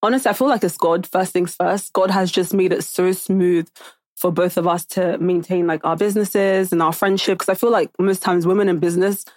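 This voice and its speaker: A woman's voice: fairly low pitch, steady tone, fairly quick, a little mellow, no room sound. A woman, a podcast guest in casual chat who tells stories vividly and acts out other people's voices.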